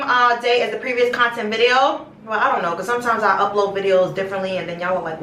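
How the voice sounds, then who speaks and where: A woman's voice: mid-range voice, fast talker, few pauses, sharp tone, slight background noise. A young woman vlogging in a small bathroom, chatting to her viewers in a rambling, affectionate way and calling them her babies. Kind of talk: casual chat to camera. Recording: echoey bathroom, distant mic.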